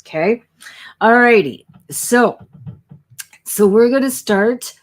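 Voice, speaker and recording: A woman's voice: on the high side, animated, slow pace. Effusive chatty woman greeting viewers. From Canada. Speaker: psychic medium hosting a livestream. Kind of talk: casual livestream chat greeting viewers.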